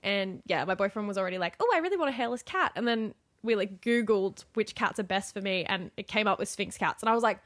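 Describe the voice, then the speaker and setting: A woman's voice: medium pitch, fairly even intonation, a little fast, hardly any pauses, a bit bright, dry recording. A young woman, co-hosting a casual podcast over a video call and telling stories in a bubbly, rambling way. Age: young adult. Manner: bubbly, filler-heavy storytelling. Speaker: podcast co-host. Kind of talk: casual chat.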